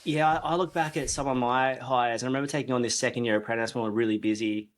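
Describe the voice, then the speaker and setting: Guy hosting a chat, mid voice, thinking back out loud, easygoing. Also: mid-range voice, steady tone, fast. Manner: reflective, conversational. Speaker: host, business coach. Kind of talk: casual interview chat.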